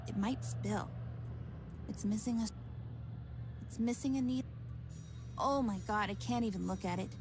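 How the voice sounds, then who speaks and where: A woman's voice: medium pitch, moderate pace, pauses often, music in the background, natural voice. An actress voicing an anxious, defensive young girl in a game. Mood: nervous. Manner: nervous, defensive.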